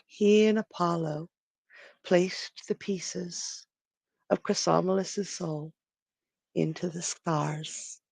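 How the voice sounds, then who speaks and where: Live stream storyteller telling a myth, slow and gravelly, dry close sound. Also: medium pitch, steady tone, a little mellow, no echo. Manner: slow, dramatic, with pauses and restarts.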